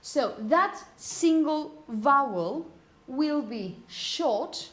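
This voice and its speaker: A woman's voice: high voice, expressive, fairly bright tone. Woman lecturing a phonetics class. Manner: checks in with frequent "okay?", repeats example words slowly. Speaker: phonetics teacher.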